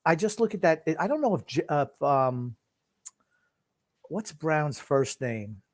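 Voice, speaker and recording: Older co-host, slightly high, dry; wry and playful. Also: male voice, very animated, measured pace, a little mellow, no echo. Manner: wry, playful commentary with acted-out quotes. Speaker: podcast co-host. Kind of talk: casual chat commenting on a video.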